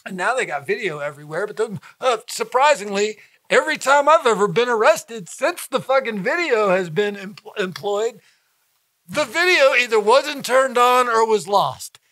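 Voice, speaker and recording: A man's voice: very high voice, animated, moderate pace, bright, forceful tone, no room sound. A man who is a stand-up comedian talking as a podcast guest, blunt and profane, repeating himself for emphasis and laughing mid-sentence. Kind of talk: casual podcast conversation.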